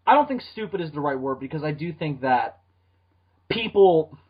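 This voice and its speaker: A man's voice: on the high side, big pitch swings, moderate pace, breathy edge. A man co-hosting a podcast in casual comedic chat, joking, laughing often and swearing. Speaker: podcast co-host. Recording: dull lo-fi sound.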